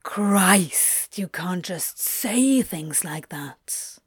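A woman voicing a wry but tender male demon in an audiobook reading, speaking low and hushed. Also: lively intonation, extremely slow, slightly rough, dry recording, clean studio sound, full character voice. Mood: tender, flustered.

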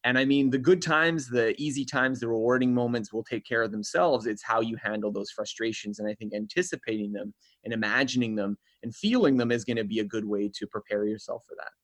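Male author guest, measured, explanatory, dry close mic. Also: medium pitch, no echo. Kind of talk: interview answers.

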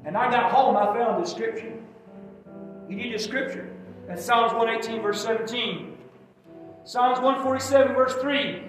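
A man's voice: very high-pitched, normal speed. A man, a pastor preaching a sermon in a folksy, call-and-response manner, recorded from a distance in a church. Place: church sanctuary. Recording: echoey church hall from far off, faint music.

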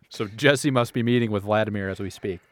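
A man's voice: fairly low pitch, normal speed, dry recording. Man rambling through a casual podcast. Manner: rambling, fumbles and laughs at himself. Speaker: podcast host. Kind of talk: casual comedic chat.

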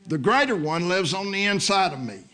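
A man preaching a sermon as guest minister, moving from quiet scripture teaching to loud shouted preaching. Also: sits high, expressive, normal speed. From Oklahoma. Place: church sanctuary.

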